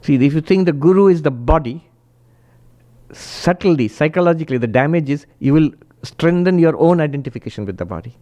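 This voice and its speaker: A man, a monk, giving a spiritual talk and telling stories with animated quoted voices. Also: fairly quick. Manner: animated storyteller, raises pitch when quoting, laughs often.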